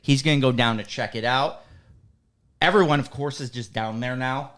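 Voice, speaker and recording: A man on a casual podcast recaps a movie with lively, profane energy. He breaks into quick impressions of the characters as he goes, and his voice sits at an everyday middle pitch. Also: smooth. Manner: animated, swearing, acts out characters' lines. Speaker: podcast co-host.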